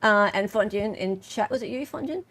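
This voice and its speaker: A woman's voice: medium pitch, normal speed. An Australian woman hosts a live online chat show. She talks casually and with lots of energy, reading posts and greeting viewers by name. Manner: chatty, animated, reads chat aloud with laughs. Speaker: livestream host.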